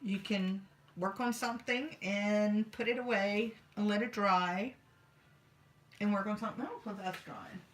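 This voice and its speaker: A chatty woman talks her way through a crafting session at home, wandering from one thought to the next and muttering to herself as she works. Her voice sits at an easy middle pitch, and a faint hiss runs under the recording. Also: measured pace. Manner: rambling, chatty, talks to herself while working. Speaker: craft vlogger. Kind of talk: casual crafting chat.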